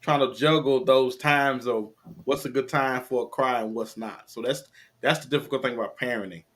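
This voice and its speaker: Guy in his 40s, mid pitch, calm thoughtful guest talk, takes his time. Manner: measured and reflective, old-school parent. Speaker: podcast guest. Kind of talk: casual chat.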